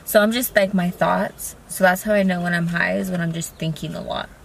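A young woman hosting a podcast, chatting casually and softly in a parked car with a friend. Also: fairly low pitch, fairly even intonation, brisk, creaky, husky. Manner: laid-back, soft-spoken, giggly. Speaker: podcast host. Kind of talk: casual chat. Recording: faint background noise in a car.

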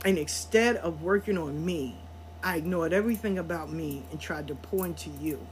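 Speaking at a normal pace in a low voice, over a little hiss or hum, a woman hosts her own show and shares a personal story candidly and with plenty of swearing. Laughter breaks into her sentences often, though she softens into quiet reflection when discussing healing.

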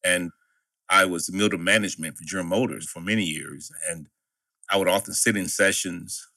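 A man's voice: low voice, steady tone, normal speed, sharp tone, dry recording. A middle-aged man co-hosting a podcast, telling a personal story in an earnest way. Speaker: podcast co-host. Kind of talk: podcast conversation.

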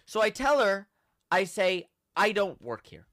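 A young man hosting a podcast, telling a story in a casual, animated way and acting out the quotes. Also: sits high, unhurried, no echo, clean studio sound. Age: young adult. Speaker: podcast host.

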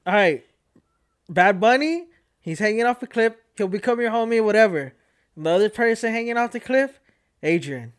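A man in his twenties co-hosting a podcast, chatting casually in an animated, slangy way. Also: sits high, moderate pace. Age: 20s. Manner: animated, slangy, keeps saying fool and dog. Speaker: podcast co-host and editor. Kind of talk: casual chat.

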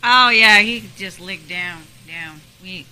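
A woman's voice: medium pitch, slow pace, sharp tone, clean tone, poor audio. A woman co-hosting a podcast, chatting casually with playful banter and frequent giggles. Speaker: podcast co-host. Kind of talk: casual chat.

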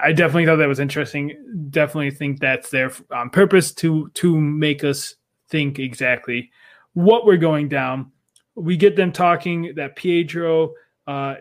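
A man co-hosting a podcast in casual chat, speculating eagerly and jumping between ideas. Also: on the high side. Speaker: podcast co-host.

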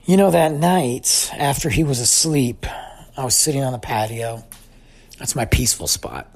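A man in his forties shares a reflective family story, his voice slightly husky. His pitch rises and falls in a lively way as he talks. He sounds sincere and thoughtful throughout. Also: normal speed. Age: 40s. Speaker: father telling a family story. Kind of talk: personal reflective monologue.

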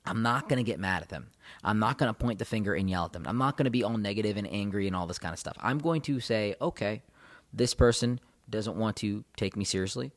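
Male relationship coach, quick emphatic delivery, talks straight to viewers, repeats key points for weight. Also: fairly low pitch, animated. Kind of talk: motivational advice talk to camera.

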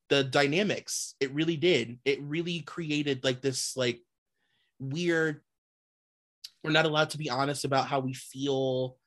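A woman's voice: extremely low pitch, a bit bright. A young adult woman co-hosting a casual gossip podcast, blunt and emphatic, swearing freely as she vents about reality TV. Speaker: podcast co-host.

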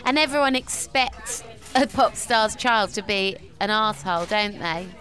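A woman's voice: mid-range voice, moderate pace, sharp tone, soft background music. A woman in her thirties with a London accent, chatting casually as a guest, telling stories, laughing often and swearing freely. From England. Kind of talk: casual chat. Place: walking tour outdoors in the East End.

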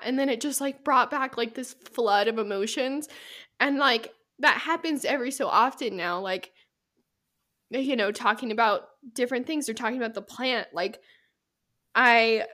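A woman's voice: fairly high pitch, normal speed, fairly bright tone. A young woman hosting a podcast, tearful and apologetic, rambling with lots of fillers in casual chat. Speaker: podcast host.

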